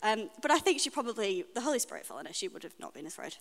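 A woman with a British accent preaches an earnest, deeply personal sermon, pausing often to reflect. Her voice rings out with a long reverb in a church hall. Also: sing-song, a bit bright. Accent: British English.

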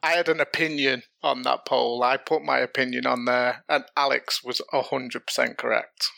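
Gravelly, bright-voiced guest from Britain. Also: male voice, medium pitch, level tone, moderate pace, no room sound, studio quality. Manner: easygoing, modest. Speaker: guest, longtime listener. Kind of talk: casual gaming podcast chat.

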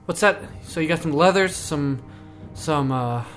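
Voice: mid-range voice, measured pace, soft background music, close to an everyday voice. A game master playing an armless old male prisoner who is urgent and full of plans. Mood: bossy.

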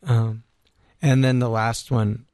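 A man with a gravelly voice speaks in a measured way on a talk radio show, pausing to pick his words. His voice sits in the middle range, and the studio sound is dry. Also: medium pitch, flat delivery, a little mellow, dry recording. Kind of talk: casual chat.

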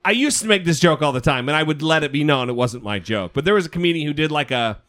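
A man's voice: on the high side, expressive, fast, fairly bright tone. A man hosting a casual comedy podcast, joking, teasing his co-host and swearing freely.

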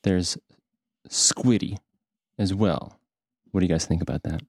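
A man co-hosting a casual podcast, throwing in dry, teasing remarks. His voice is very deep and sounds close and dry. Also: a little slow, darkish tone, husky, no echo. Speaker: podcast co-host. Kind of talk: casual chat.

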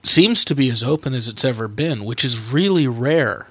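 A chatty podcast host, a man with a bright, clear tone whose pitch swings freely as he talks. He laughs easily and pokes fun at himself. The sound is dry and close, with no room around it. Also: lively intonation, normal speed, no room sound. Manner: chatty, laughs often, self-deprecating. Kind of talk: casual podcast chat.

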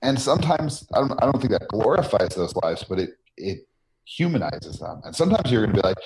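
Deep-voiced man on a noisy line. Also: sing-song, a little fast. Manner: earnest, tags points with "right?". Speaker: game designer, guest. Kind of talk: podcast interview.

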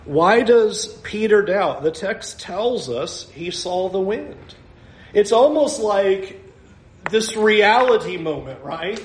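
Slow-talking preacher man in an echoey hall. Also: sits high, slight background noise. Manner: animated, acts out scenes with laughs. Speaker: pastor. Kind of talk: sermon.

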